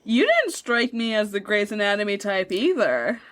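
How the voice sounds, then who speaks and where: A woman's voice: medium pitch, big pitch swings, normal speed, fairly bright tone. A woman co-hosting a podcast, chatting casually and reacting to her co-host. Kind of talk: casual chat.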